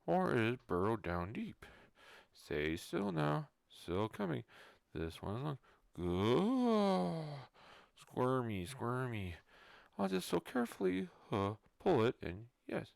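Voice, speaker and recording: A man voicing a creepy male ear-cleaner who pulls bugs out of ears. It is a whispered role-play, and he says the sound effects aloud in a hushed voice. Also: mid-range voice, wildly swooping pitch, slow, gravelly, no room sound, studio quality, full character voice.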